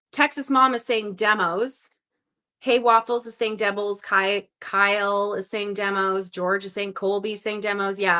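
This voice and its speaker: A woman's voice: medium pitch, bright, forceful tone. A young woman hosting a live puzzle stream, chatting casually and reading out viewers' guesses with upbeat energy. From Western Canada.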